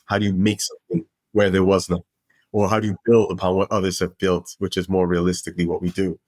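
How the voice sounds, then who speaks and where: A middle-aged man from Brooklyn, a podcast guest telling his career story in an animated, expansive way with frequent restarts. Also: sits low, fast, no room sound. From Brooklyn, New York. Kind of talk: casual storytelling interview.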